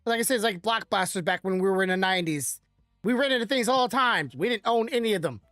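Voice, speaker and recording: A woman's voice: mid-range voice, expressive, fast talker, a bit bright, no room sound, studio quality, faint music behind. Rambling woman podcast co-host. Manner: rambling, explains with examples, laughs often. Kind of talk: casual podcast chat.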